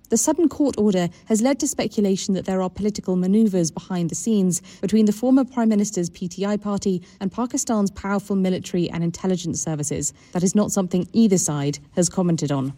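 A woman correspondent files a news report at a quick clip. Her tone is mellow and the sound is dry and close. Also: mid-range voice, dry recording, rough recording. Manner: brisk, formal reporting. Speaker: foreign correspondent.

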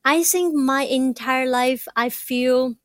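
A woman doctoral student who stutters, giving slow, reflective answers in an interview. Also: sits high, a bit bright, no room sound. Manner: stutters, with repeated words.

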